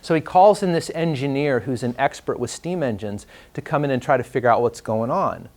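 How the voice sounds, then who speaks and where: A man, teaching a live class and telling a story in a relaxed, conversational way with fillers. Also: mid-range voice, brisk. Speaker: trainer. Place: training room before a class.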